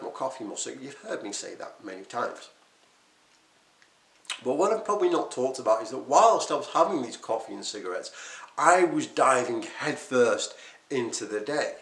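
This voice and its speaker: A man speaks straight to the camera, animated and emphatic, poking fun at his old habits. His voice sits at an ordinary middle pitch. The room gives it a noticeable echo. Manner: animated, emphatic, self-deprecating. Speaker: quit-smoking coach and vlogger. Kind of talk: unscripted talk to camera. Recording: echoey room.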